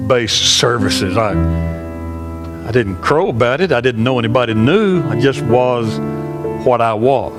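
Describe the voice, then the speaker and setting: A man in his sixties, a pastor, telling an earnest story in a sermon, halting and often repeating himself. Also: medium pitch, music in the background. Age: 60s.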